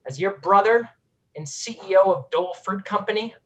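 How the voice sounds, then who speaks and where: An improv actress playing a pushy corporate brother who blusters and keeps repeating "all right?". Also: female voice, medium pitch, animated, a little fast, highs cut off, lightly acted. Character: pushy corporate fruit-company CEO brother. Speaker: improv performer. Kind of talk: improv comedy scene.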